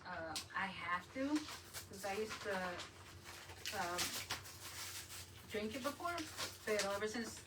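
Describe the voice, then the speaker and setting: A woman's voice: medium pitch, animated, slow pace, long pauses, far from the mic, very noisy. A woman hosting a crafting channel, chatting casually and rambling as she works, often laughing. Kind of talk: casual live chat while crafting.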